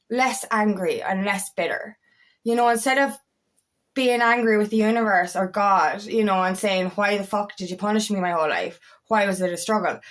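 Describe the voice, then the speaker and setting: A young woman, a coach talking excitedly and rambling, swearing freely as she speaks to camera. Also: fairly high pitch. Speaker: empowerment coach. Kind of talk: casual talking-to-camera monologue.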